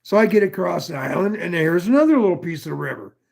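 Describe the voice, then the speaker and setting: A man's voice: high-pitched, sing-song, fast talker, gravelly, darkish tone. A man from northwestern Pennsylvania telling a long story in casual chat, rambling and profane with many asides.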